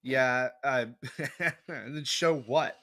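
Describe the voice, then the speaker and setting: A man's voice: mid-range voice, very slow, pushed and bright. A man co-hosting a stream, making dry, joking asides in casual chat. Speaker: stream co-host.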